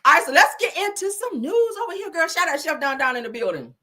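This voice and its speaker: Bright-voiced woman dishing gossip. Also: extremely high pitch, big pitch swings, fast talker, a little hiss or hum. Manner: loud, laughing, slangy and teasing. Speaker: show host. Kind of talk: casual gossip commentary.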